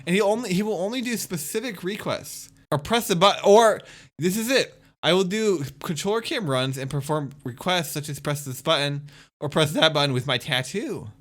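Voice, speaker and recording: A man's voice: medium pitch, a bit bright. A young man ranting casually as a streamer, exasperated and swearing as he rebuts a critic point by point.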